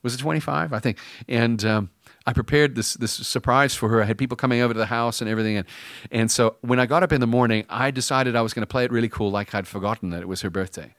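A man's voice: medium pitch, quick pace, fairly bright tone, no echo, studio quality. A middle-aged man preaching a sermon in a conversational way, telling stories and acting out bits of dialogue. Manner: conversational storytelling, acts out dialogue. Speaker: pastor.

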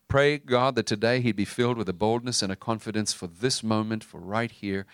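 Low-voiced pastor praying earnestly. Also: male voice, smooth, dry recording. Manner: earnest, halting with fillers. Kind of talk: spoken prayer.

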